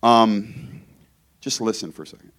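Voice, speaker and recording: A man's voice: lowish voice, a little slow, a bit bright. A man from Georgia preaching as a guest in a church, conversational and joking, often breaking off to restart his thoughts. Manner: conversational, joking, self-interrupting. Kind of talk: informal sermon.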